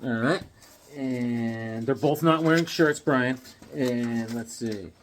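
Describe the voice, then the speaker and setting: Talking slowly to camera in a mid-range voice, a hobby artist and comic collector in his fifties rambles about his collection and his drawings. He jokes around and puts on silly voices, and there is a little hiss or hum on the recording.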